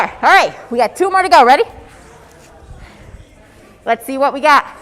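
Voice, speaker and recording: A woman's voice: high-pitched, expressive, normal speed, pauses often, a bit bright, a little hiss or hum. A woman leading children through an exercise session, counting reps and giving upbeat instructions. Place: event room with children. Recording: long hall reverb.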